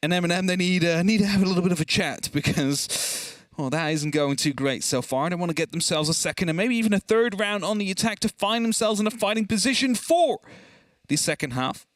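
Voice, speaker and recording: Casting note: young male esports commentator, slightly high voice, dry close sound, chatty and upbeat. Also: lively intonation, brisk, dry recording. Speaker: esports caster.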